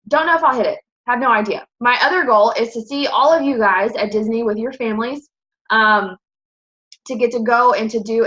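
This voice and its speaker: Bright-voiced young woman, chatty and upbeat. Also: on the high side, highs cut off. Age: 20s. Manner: chatty, upbeat, many fillers and self-corrections. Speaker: team leader presenting to her sales team. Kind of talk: casual presentation to her team.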